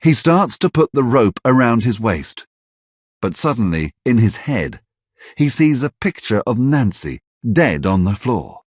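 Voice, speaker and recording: A man narrating a graded reader story slowly and clearly for language learners. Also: medium pitch, sing-song, no room sound, studio quality.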